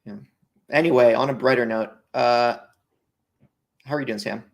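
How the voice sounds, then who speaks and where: A man's voice: medium pitch, moderate pace, gravelly. A man co-hosting a casual podcast, teasing and joking with his co-hosts. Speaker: podcast co-host.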